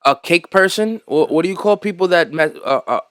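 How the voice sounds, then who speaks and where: Podcast host guy, loud and swearing a lot, kinda high voice, dry sound. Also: brisk, clean tone, dry recording. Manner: animated, profane, storytelling. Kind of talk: casual chat.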